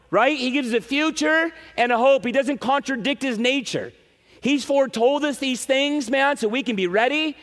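A man preaching a sermon to his congregation in an animated way, with frequent "right?" asides. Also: extremely high pitch. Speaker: pastor. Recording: reverberant hall.

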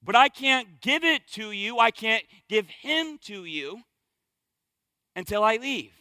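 A man preaching a sermon as pastor, with energetic, emphatic delivery and punchy repetition. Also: sits high, takes it slowly, dry recording.

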